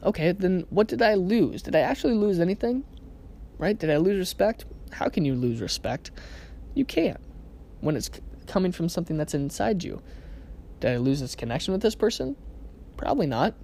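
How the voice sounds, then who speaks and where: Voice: mid-range voice, big pitch swings, normal speed, mellow, slight background noise. Give me a podcast host talking casually through self-help advice, checking in with "right?" a lot. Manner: conversational, keeps asking "right?".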